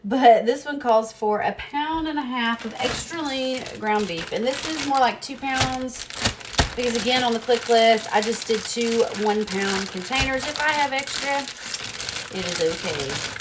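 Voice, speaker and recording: A woman's voice: a little high, measured pace, heavy background noise. A woman chatting casually to the camera while she preps meals in her home kitchen, talking to herself as she works and laughing at her own mishaps. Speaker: cooking vlogger. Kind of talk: casual cooking demo chat.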